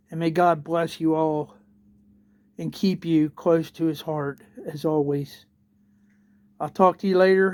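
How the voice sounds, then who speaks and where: A man who is a chaplain, talking casually in a morning video update, sleepy and yawning, halting as he searches for his words. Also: a little high, a little mellow, no room sound.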